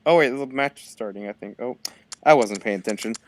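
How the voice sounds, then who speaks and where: A man's voice: mid-range voice, brisk, slight background noise. A man commentating a live game tournament in a casual, giggly, rambling way, often stumbling over his words. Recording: live stream with game sounds behind.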